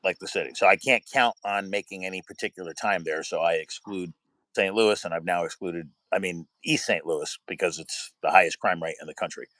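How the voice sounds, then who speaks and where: A man's voice: deep voice, brisk, a bit bright, dry recording, low-quality recording. Rambling man telling road stories. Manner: rambling storyteller, retells anecdotes with quoted voices. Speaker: building inspector. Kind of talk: casual chat.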